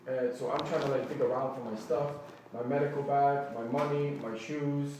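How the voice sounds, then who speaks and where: An agitated man tells his story in a vivid rush, acting out what everyone said and often restarting his sentences. He sits some way from the mic. A very echoey room and faint noise surround his mid-pitched voice. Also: normal speed, far from the mic. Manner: animated, acts out quoted dialogue, restarts often. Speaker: person recounting an incident. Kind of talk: agitated first-person storytelling.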